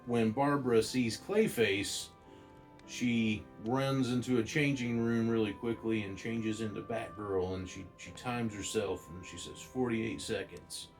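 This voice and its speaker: A man casually retelling a holiday comic story, rambling and excited, with restarts. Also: lowish voice, measured pace, soft background music. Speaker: comic book reviewer.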